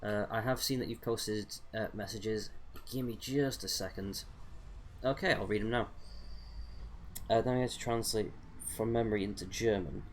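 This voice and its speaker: A young man with an English accent chats loosely while he plays, wandering between thoughts with plenty of ums and uhs. His voice sits low and deep. A faint background hiss runs under the recording. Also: fairly even intonation, moderate pace. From England. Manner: rambling, hesitant, many fillers. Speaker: gaming streamer. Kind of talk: casual chat while playing a game.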